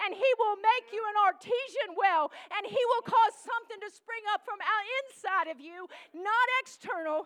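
A woman preaching a sermon, calling out to the congregation and swinging from shouts to hushed tones. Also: very high-pitched, dry recording.

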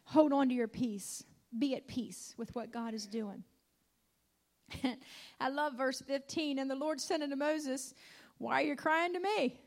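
High-voiced woman preaching a fervent sermon. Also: unhurried. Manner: emphatic, repeats lines, calls out hallelujah.

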